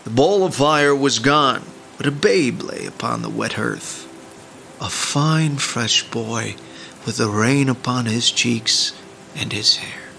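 Slow, gravelly male storyteller. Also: mid-range voice, pushed and bright, a little hiss or hum. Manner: slow, deliberate reading. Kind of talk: storybook narration.

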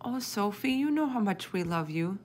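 Kind soothing mom in a kids story, woman voicing her, a bit gravelly. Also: medium pitch, expressive, normal speed, slight background noise, pitched above the performer's own voice, close to an everyday voice. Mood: gentle. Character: gentle, busy mother of two.

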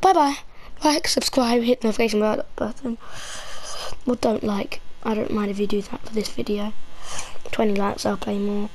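A woman's voice: mid-range voice, steady tone, normal speed, darkish tone, low-quality recording. A woman commenting while playing a horror game, jittery and repeating herself when scared. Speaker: gamer.

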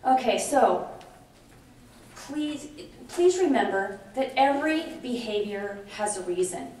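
A middle-aged woman giving a lively conference presentation, chatty and animated, often checking in with her audience. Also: a little high, slow pace. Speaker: conference speaker on dementia care. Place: large conference room. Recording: very echoey hall from far off, faint noise.

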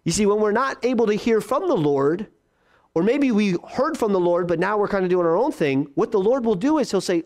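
Animated man preaching conversationally. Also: high-pitched. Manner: conversational preaching with emphatic pauses and repeated key phrases. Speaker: pastor. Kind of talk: sermon.

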